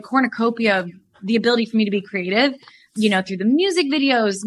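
A woman's voice: on the high side, a bit bright. A woman in her thirties, a musician guest in an interview, talking earnestly and chattily with lots of fillers. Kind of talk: conversational interview.

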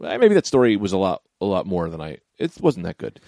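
Animated storytelling man, lively pitch. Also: fast talker, no room sound. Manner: animated storyteller, acting out voices and swearing casually. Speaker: comedian telling a story on a podcast. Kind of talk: casual storytelling chat.

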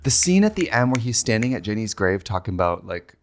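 A man's voice: medium pitch, a little fast, slight background noise. A man co-hosting a podcast in casual, chatty conversation, now and then singing a snippet. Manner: chatty, animated, sings snippets. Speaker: podcast co-host. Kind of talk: casual chat.

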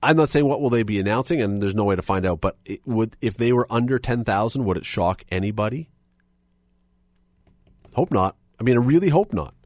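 A man's voice: lowish voice, expressive, a little fast, darkish tone, dry recording. A Canadian man hosting a radio talk show, chatty and opinionated, full of rambling asides into a studio microphone.

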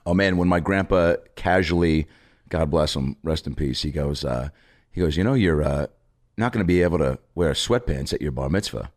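A man with a notably deep voice chats casually as a podcast guest. He tells stories with comic timing, often leaping up in pitch to act out the people he quotes. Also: moderate pace. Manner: animated storyteller, acts out quoted people with big pitch jumps. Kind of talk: casual storytelling chat.

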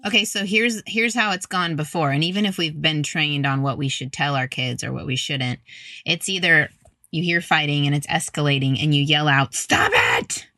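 A woman's voice: sits low, moderate pace, dry recording, faint music behind. A woman co-hosting a parenting podcast, chatting casually and acting out scenes with her kids. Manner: animated, laughing storyteller who acts out her kids. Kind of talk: casual chat.

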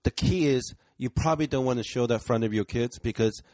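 A man who is a stand-up comedian, a guest on a podcast in casual chat, chiming in with quick supportive remarks. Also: mid-range voice, a little mellow, dry recording. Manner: quick supportive interjections, laughs along.

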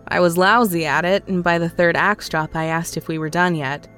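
A woman reads a scary story in a calm, measured voice. Her pitch sits on the low side. Faint music plays beneath her narration. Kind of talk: scripted horror narration.

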